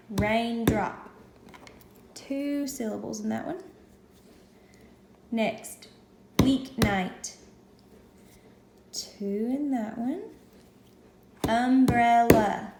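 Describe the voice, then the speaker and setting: A woman teacher going through a recorded classroom lesson, patiently explaining each step slowly. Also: fairly high pitch, reverberant, heavy background noise.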